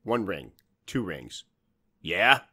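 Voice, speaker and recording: A man narrating a horror story in a measured, dramatic storytelling manner. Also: deep voice, expressive, a bit bright, husky.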